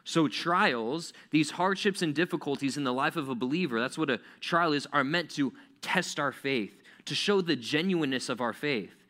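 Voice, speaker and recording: A man's voice: on the high side, expressive, normal speed, hardly any pauses, pushed and bright. A man, a pastor, giving a casual, conversational sermon full of rhetorical questions.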